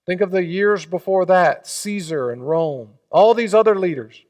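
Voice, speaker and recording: Male pastor, sermon delivery, slightly high pitch, dynamic swings from loud to hushed. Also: unhurried. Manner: leads the congregation in call and response.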